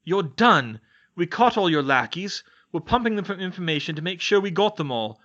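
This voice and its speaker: A hot-tempered young wizard yells in a raised, lively voice, as a man plays him. The audio is dull and lo-fi. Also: sits high, normal speed, pitched above the performer's own voice. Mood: furious. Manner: shouting, furious. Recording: dull lo-fi sound.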